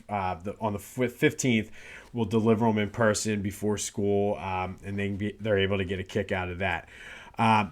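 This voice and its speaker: A man in his thirties hosting a casual solo sports podcast, chatty and rambling, with frequent fillers and restarts. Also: fairly low pitch. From Philadelphia area. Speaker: podcast host. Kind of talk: casual solo talk show.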